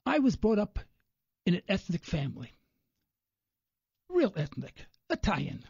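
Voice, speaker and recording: Unhurried and animated, a man from New York rambles through anecdotes during a radio interview, acting out the people in his stories. His high, husky voice has gravelly texture and big pitch swoops. The recording carries no room sound and has a dull, dry, lo-fi radio quality.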